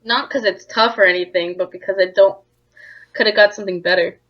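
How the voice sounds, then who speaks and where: A woman's voice: mid-range voice, steady tone, a little fast, fairly bright tone. A woman bantering playfully with a friend while playing a video game, on a dull lo-fi mic. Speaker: co-host of a game playthrough. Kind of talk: casual gaming commentary.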